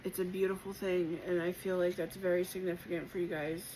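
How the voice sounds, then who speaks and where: A woman giving a spiritual collective tarot reading, gentle and encouraging, reflective, with many pauses and fillers and moments of emotion. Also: on the low side, flat delivery, a little hiss or hum, low-quality recording. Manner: emotional at times. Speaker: tarot reader.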